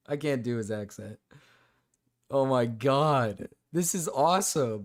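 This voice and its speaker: A man's voice: medium pitch, animated, takes it slowly. A man streaming, giving casual reaction commentary, laughing often, swearing and repeating himself.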